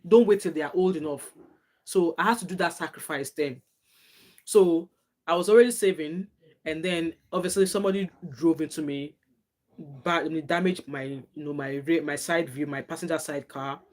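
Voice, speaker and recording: A middle-aged nurse with a Nigerian accent hosts a casual live stream, responding to viewer comments and offering earnest advice. Her voice is low and somewhat dark, and she talks at a normal speed.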